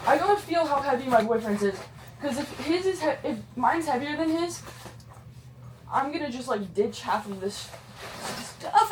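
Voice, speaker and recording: Woman vlogger, casual and unfiltered, a bit high-pitched, slangy and self-mocking. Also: sing-song, measured pace, a little hiss or hum. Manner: bubbly and profane, with frequent swearing and slang; rambling and self-deprecating. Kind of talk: casual chatty vlog.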